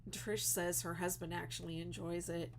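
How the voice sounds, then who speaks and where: A woman's voice: on the low side, little pitch movement, normal speed, vocal fry, slight background noise. A woman crochet designer chatting casually on a livestream, reading viewer comments, teary and emotional with lots of fillers.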